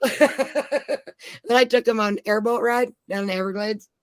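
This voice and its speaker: A woman's voice: fairly high pitch, unhurried, no echo. Foul-mouthed woman telling road-trip stories. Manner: profane, rambling storyteller. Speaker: parent telling travel stories. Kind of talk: casual chat.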